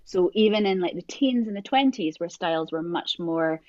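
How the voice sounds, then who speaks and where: Chatty woman, low voice. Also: expressive, normal speed, no echo, dull audio. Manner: chatty storyteller, many fillers. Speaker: podcast co-host. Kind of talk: casual chat.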